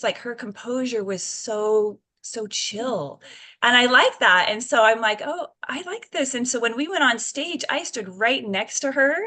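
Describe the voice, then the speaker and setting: A woman's voice: medium pitch, bright, forceful tone. A woman in her fifties, a guest in an interview, telling her story earnestly with many fillers and restarts. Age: 50s. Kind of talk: casual interview chat.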